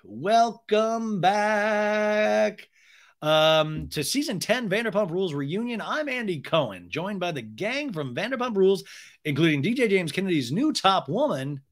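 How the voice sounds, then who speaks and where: A man's voice: high voice, big pitch swings, a little slow, pitched above the performer's own voice, exaggerated voice. Man doing an upbeat TV show host. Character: impression of a male TV talk show host.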